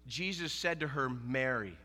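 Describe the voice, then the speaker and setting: A man preaching a sermon as pastor, in an animated, conversational way, often acting out quoted dialogue. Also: fairly high pitch, moderate pace, big-room sound.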